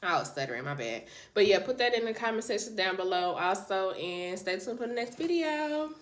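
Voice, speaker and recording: A woman's voice: mid-range voice, very animated, brisk, slight background noise. A woman hosting a reaction video, talking casually and sympathetically straight to her viewers.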